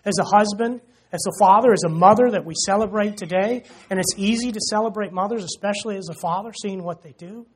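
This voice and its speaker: A man's voice: sits high, quick pace, few pauses. A man preaching a sermon in church, talking casually and joking with the congregation. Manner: conversational, jokes with the congregation, frequent "you know".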